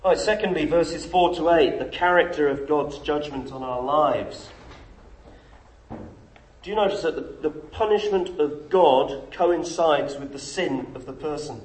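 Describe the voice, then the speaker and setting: Man preaching in an echoey hall. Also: measured pace. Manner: emphatic, rhetorical questions, lively pitch swings. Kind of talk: sermon. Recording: echoey room with faint noise.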